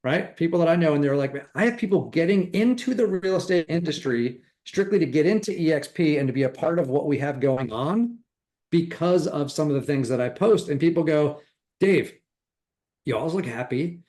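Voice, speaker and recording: A man's voice: a little high, animated, fairly quick, darkish tone. Upbeat man coaching on a call. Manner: enthusiastic, acts out quoted chatter. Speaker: real estate coach. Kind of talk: motivational training talk.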